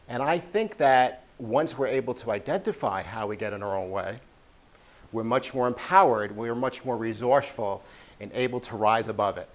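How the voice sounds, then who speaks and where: A man's voice: mid-range voice, moderate pace. A man giving a prepared motivational speech at a speaking club, earnest and repeating key phrases for emphasis.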